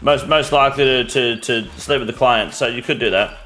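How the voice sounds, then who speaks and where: Brief: Australian man, mid-pitched, blunt and sweary streamer banter, faint music underneath. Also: a little fast, sharp tone. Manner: blunt, profane, answers chat questions. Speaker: game streamer. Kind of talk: casual live-stream chat.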